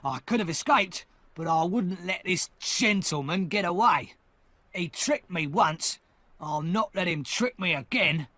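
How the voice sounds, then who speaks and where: A man reading an audiobook, voicing a hard, defiant escaped convict who talks loudly and forcefully. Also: high voice, expressive, unhurried, no room sound, voice pushed up, exaggerated voice. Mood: scornful. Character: fierce hard old male escaped convict.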